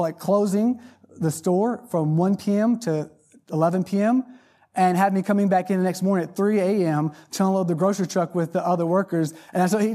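Brief: male lay preacher, fairly high mellow voice, folksy storytelling sermon, stumbles on repeated words. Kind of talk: sermon testimony.

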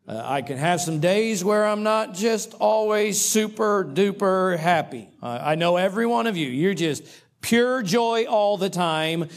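A middle-aged male pastor preaching a sermon in a folksy, humorous way, with dramatic pauses. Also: sits high.

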